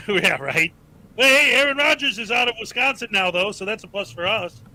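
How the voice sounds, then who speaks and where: A man with a high, animated voice, bright and pushed, speaks at a moderate pace on a low-quality recording. He's hosting a casual livestream, chatting and laughing often as he reads donations, thanks supporters and hypes up viewers.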